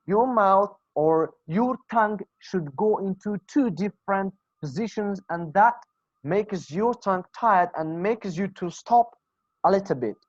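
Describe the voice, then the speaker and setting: A man's voice: high voice, lively intonation, unhurried, no room sound. A man with a Kurdish accent teaching English pronunciation in an online class, patiently repeating example phrases. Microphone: video call. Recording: dull, dry video call audio.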